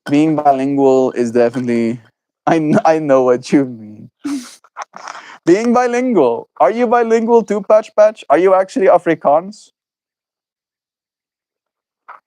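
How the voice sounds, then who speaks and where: A South African man in his twenties, chatting with viewers in a slow, musing way during a stream. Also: medium pitch, dark tone, clean tone, no echo, poor audio. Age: 20s. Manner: slow, drawn-out and musing, laughs easily. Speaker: daily livestreamer. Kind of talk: reflective stream chat with viewers.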